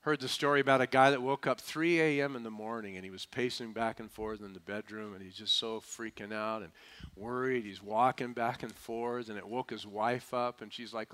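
Brief: male pastor, bright and forceful voice, folksy, emphatic sermon delivery. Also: medium pitch, normal speed. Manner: emphatic, calls for audience responses; folksy and humorous.

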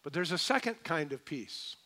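A middle-aged male pastor preaching a sermon, building to emphatic points and then dropping soft and low. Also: big pitch swings, moderate pace.

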